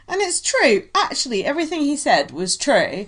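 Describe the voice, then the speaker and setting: A woman's voice: high voice, fairly quick, few pauses. A woman co-hosting a casual chat, animatedly retelling reality TV moments and slipping into quoted voices. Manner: chatty, animated retelling with frequent quoted impressions. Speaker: podcast co-host.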